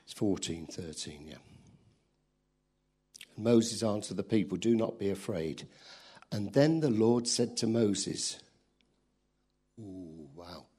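A man preaching a sermon in a lively, animated storytelling way, acting out voices as he goes. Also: on the low side, unhurried, pauses often, slightly rough.

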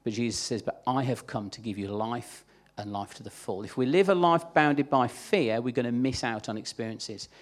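A man's voice: mid-range voice, normal speed, few pauses. A man preaching a sermon in a chatty, conversational way, acting out the voices he quotes.

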